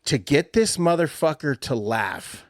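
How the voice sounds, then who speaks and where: A man co-hosting a podcast in casual chat, telling stories in a profane, animated way and laughing often. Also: a little high, unhurried, no room sound, studio quality. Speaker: podcast co-host.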